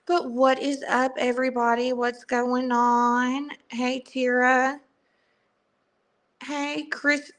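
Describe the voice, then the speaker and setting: Young Southern woman host, bright clear voice, unhurried casual livestream chat. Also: sits high, level tone. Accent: strong Southern US. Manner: chatty, greets viewers by name.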